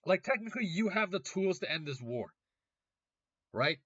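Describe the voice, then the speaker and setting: A young man rants into the mic. His voice has a bright, forceful edge, and he swears freely as he lurches between muttering asides and sarcastic outbursts. The recording is dry and a little dull, like a home setup. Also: high voice, very animated, normal speed, husky, dry recording. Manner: profane, heated, sarcastic rant. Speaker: political commentary channel host. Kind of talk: casual ranting commentary.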